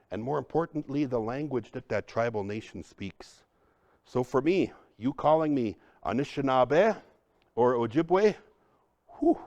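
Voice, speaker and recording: An energetic man leads a workshop, teasing and coaching his listeners as he goes. He speaks at a middle pitch. The sound is dry and close, with no room echo. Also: dull audio. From Upper Midwest, United States. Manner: energetic, joking, addresses the crowd as folks. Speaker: cultural trainer. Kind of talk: lively workshop presentation.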